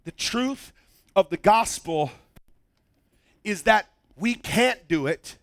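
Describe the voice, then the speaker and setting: A man preaching a sermon, swinging between loud emphatic lines and hushed ones. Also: high-pitched, lively intonation, slow, no echo, studio quality. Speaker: pastor.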